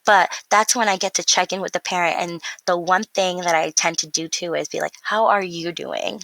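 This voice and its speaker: A woman's voice: on the low side, fairly quick, dry recording, rough recording. A young woman, an early childhood educator, telling stories casually in an interview and acting out the voices of people she quotes. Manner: animated storyteller, acts out quotes.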